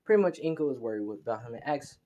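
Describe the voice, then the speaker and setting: A man's voice: medium pitch, animated, very fast, warm tone. A young man narrating a fan story casually, in a rambling, slangy way. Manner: rambling, slangy, many fillers and restarts.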